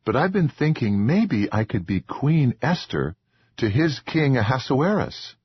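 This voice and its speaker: A man voicing a meek, earnest young wife with a soft, pleading, formal way of speaking. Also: medium pitch, sing-song, measured pace, slightly rough, no room sound, muffled recording, pitched above the performer's own voice, full character voice.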